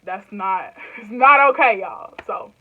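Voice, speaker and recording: A Southern US woman in her twenties talks casually to camera as a YouTuber, in rambling, loose phrases with plenty of laughter. She sounds animated yet takes her time, with a medium-pitched voice and phone-quality audio.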